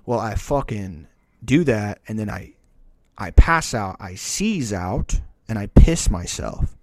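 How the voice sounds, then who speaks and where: A man's voice: fairly low pitch, lively intonation, slow pace, a little mellow, dry recording, studio quality. Profane rambling man telling a story. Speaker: podcast host. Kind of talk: casual storytelling chat.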